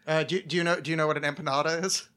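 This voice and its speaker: A man's voice: on the high side, steady tone, racing, a bit bright. A man hosting a podcast, chatting casually with lots of restarts, stammers and crude jokes. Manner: stammering, laughing, crude joking. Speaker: podcast host.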